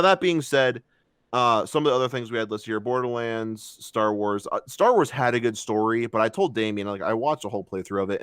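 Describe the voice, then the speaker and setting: A man's voice: fairly low pitch, clean tone, dry recording. A young man co-hosting a podcast, telling stories animatedly with plenty of swearing. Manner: animated, swearing, emotional storytelling. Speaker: podcast co-host. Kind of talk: casual podcast chat.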